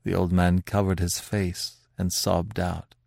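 A man hosting a podcast, narrating a classic tale in a dramatic, expressive reading with swelling emphasis. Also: low voice, slow, vocal fry, dry recording, studio quality.

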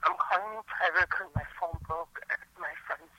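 A man leaving a hurried, mumbled voicemail, played through a speakerphone. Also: a little high, pushed and bright, low-quality recording.

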